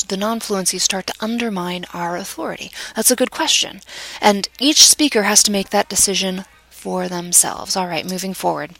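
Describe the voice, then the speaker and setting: A woman giving a lecture on vocal delivery in a measured, explanatory way, sometimes restarting a phrase. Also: mid-range voice, gravelly, a bit bright, no room sound, rough recording. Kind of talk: recorded lecture.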